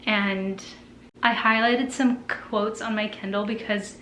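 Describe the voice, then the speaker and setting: A woman's voice: mid-range voice, steady tone, slow, bright, forceful tone, slight background noise. A young woman talking casually about books, chatty, often trailing off and restarting her sentences. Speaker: book vlogger. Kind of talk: casual chat. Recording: echoey room with faint ambience.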